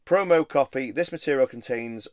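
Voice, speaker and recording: A man's voice: medium pitch, normal speed, no room sound, studio quality. A man chatting casually about his record collection, rambling and easily enthused. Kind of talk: casual show-and-tell vlog.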